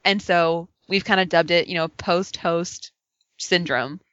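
A woman's voice: on the low side, steady tone, a little slow, fairly bright tone. A woman co-hosting a casual gaming chat, talking animatedly and laughing often. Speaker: podcast co-host. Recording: dull lo-fi sound.

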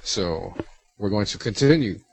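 A man's voice: fairly low pitch, animated, a little slow, creaky, a little mellow, slightly rough, rough recording. A man co-hosting a casual podcast, rambling a bit as he reads out listener mail. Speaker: podcast co-host.

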